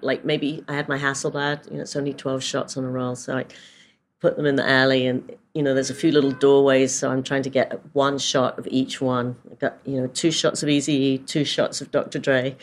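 British lady in her 60s, chatty storyteller, lots of you-knows, easygoing interview talk. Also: extremely low pitch. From England. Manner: chatty storyteller with many fillers and laughs. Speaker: photographer guest. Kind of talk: casual anecdotal interview.

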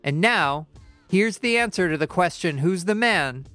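A man hosting a podcast in a studio, reading a measured scripted introduction. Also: high-pitched, expressive, pushed and bright, dry recording, faint music behind. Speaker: podcast host. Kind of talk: scripted intro, then interviewing. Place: recording studio.

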